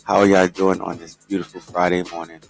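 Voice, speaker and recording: Young new guy hosting a chat show, low gravelly voice, laid back and joking. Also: flat delivery, brisk, faint music behind. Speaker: podcast host. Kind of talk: casual news chat.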